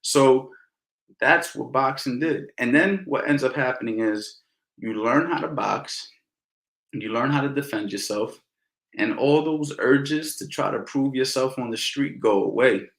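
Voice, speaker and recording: A man's voice: medium pitch, a little slow, gravelly. Man, boxing coach, middle-aged, casual Q&A storytelling, slangy and emphatic, mid-range voice, echoey room. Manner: animated, slangy, repeats phrases for emphasis. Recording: roomy echo.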